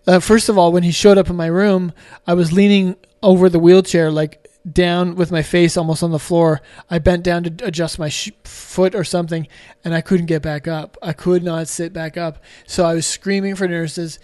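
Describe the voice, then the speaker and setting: A man speaking as a podcast guest, telling his story candidly in a halting, emotional way with many restarts and some casual swearing. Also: sits high, flat delivery, a little mellow, no echo.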